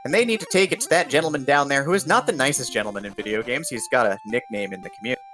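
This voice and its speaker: An upbeat man calling a retro video game race as commentator, clearly laying out goals and rules for the audience. His voice sits at an ordinary middle pitch, with faint music underneath. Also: racing, a bit bright. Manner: explanatory, upbeat, fills in game rules for viewers. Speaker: tournament commentator. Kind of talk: esports play-by-play commentary.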